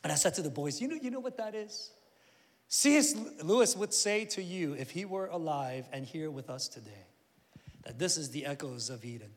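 Male pastor, middle-aged, high voice, animated storytelling, long echo of a big hall. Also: moderate pace. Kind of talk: sermon.

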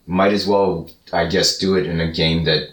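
A man co-hosting a podcast, talking in a measured, deliberate way and laughing often. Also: low voice, fairly even intonation, a bit bright. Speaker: podcast co-host. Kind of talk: casual chat. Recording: roomy sound, mic at a distance.

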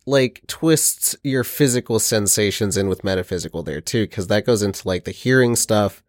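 Man, low voice, earnest rambling storyteller, casual chat, dry sound. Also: moderate pace, dry recording.

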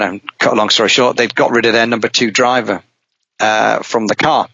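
A middle-aged man, a rally driver, telling a long anecdote in casual talk, lively and rambling, with many restarts. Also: on the low side, a little fast, gravelly, breathy edge, no echo. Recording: dull, dry podcast audio.

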